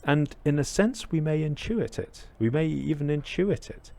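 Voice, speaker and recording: A man giving a reflective dharma talk, telling a parable with many pauses and fillers. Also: fairly high pitch, lively intonation, creaky, darkish tone. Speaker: Buddhist teacher.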